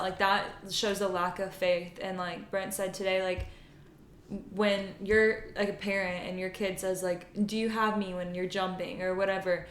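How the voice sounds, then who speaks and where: A woman's voice: medium pitch, level tone, moderate pace. A young woman co-hosting a casual faith podcast, telling stories earnestly with lots of "like" fillers. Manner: earnest storytelling, many "like" fillers. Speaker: podcast co-host. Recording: echoey room with faint noise.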